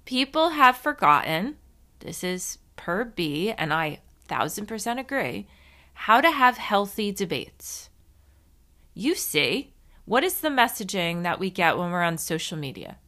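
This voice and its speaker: This woman's mid-range voice is very animated, bright and forceful, though she never rushes. Running a podcast alone, she rambles in a casual, self-deprecating way, swearing here and there.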